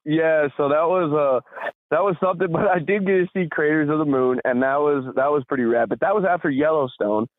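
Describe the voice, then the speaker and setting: A man co-hosting a podcast, telling a story in a casual, animated way, laughing often and swearing freely. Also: on the high side, brisk, no echo. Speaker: podcast co-host. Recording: tinny phone-like sound, dry.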